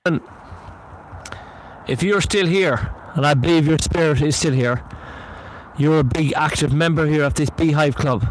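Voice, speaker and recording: Outdoors at night near beehives, a man working as a paranormal investigator calls out to spirits and talks to his chat in a coaxing, repetitive way. His voice is fairly high and his pace normal, with long pauses, slight background noise, and a rough recording.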